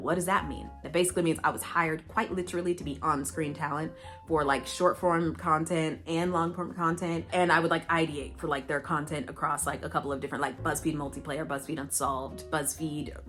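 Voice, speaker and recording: A woman's voice: sits low, brisk, a bit bright. A young woman chatting casually while doing her makeup, rambling through a story with lots of fillers and playful asides to her viewers. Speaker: beauty vlogger. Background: faint background music.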